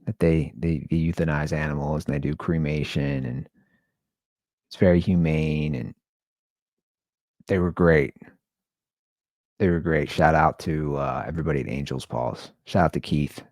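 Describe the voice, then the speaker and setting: A man's voice: rumbling low, fairly even intonation, moderate pace, a little mellow, no echo. A man hosting his own show, talking in a somber, rambling, conversational monologue. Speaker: podcast host. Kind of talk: casual solo monologue.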